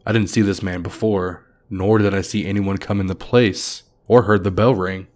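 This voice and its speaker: A man with a very deep, low voice narrates a horror story. His delivery is measured and somber, paced for a creepy tale. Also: steady tone, a little mellow.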